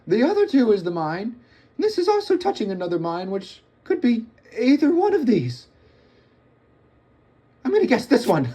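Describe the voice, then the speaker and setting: A man voicing a nervous, eager teenage boy from a cartoon, high and stammering. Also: moderate pace, pauses often, slightly rough, heavily acted. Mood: excited. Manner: stammering, high-pitched and excitable. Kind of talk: comedic cartoon impression.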